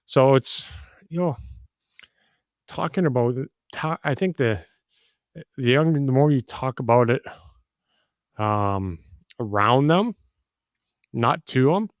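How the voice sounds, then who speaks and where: A man's voice: medium pitch, animated, slow pace, long pauses, no echo, studio quality. A middle-aged father talking as a guest, rambling earnestly with many restarts. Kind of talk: casual conversation.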